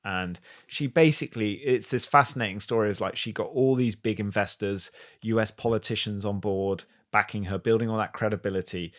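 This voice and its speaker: A man's voice: lowish voice, fairly quick. A man guesting on a podcast, telling stories with enthusiasm in a casual conversational way, often restarting his sentences.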